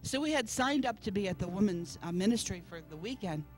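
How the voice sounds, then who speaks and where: A woman's voice: mid-range voice, lively intonation, brisk, soft background music. A woman preacher telling a personal testimony in a church service, storytelling and acting out the voices of people she quotes. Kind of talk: testimony sermon.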